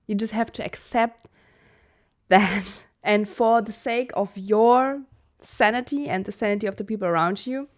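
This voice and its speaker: A woman's voice: medium pitch, unhurried. A young woman from Germany explaining a personal-growth topic in a video lesson, earnest and candid, correcting her own slips with a laugh. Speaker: Human Design teacher.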